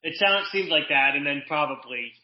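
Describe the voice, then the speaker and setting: A man's voice: a little high, expressive, moderate pace, lo-fi sound. A man chatting casually as a podcast guest, rambling with many restarts and fillers. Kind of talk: casual chat.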